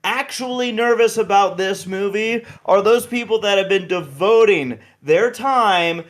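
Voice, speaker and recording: A man's voice: high voice, a little slow. A man hosting a podcast, chatting casually and animatedly with many restarts and asides. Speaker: podcast host.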